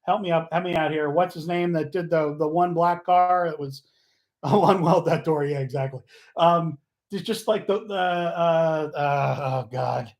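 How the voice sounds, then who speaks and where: A man hosting a casual livestream, rambling and joking, often losing his train of thought and getting loud and fired up. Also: on the high side, unhurried. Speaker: livestream host.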